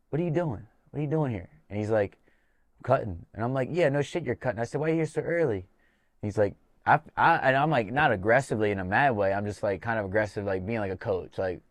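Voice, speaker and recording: A man with a low voice tells a loose story on a podcast, swearing freely and acting out bits of dialogue. The recording is dry and close, with no room sound. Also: no echo. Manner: loose and profane, acts out quoted dialogue. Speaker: podcast host and fight coach.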